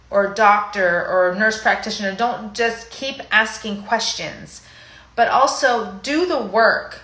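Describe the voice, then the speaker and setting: A woman's voice: medium pitch, slow, sharp tone. Chatty emotional woman in an echoey room. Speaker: fitness coach. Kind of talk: casual live video chat.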